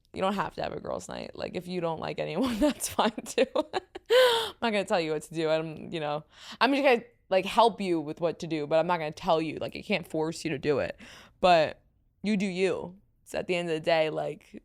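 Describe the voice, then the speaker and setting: In a fairly low, creaky voice, a young podcast host with a New York accent chats casually. She comes across as tired and rambling, laughing often.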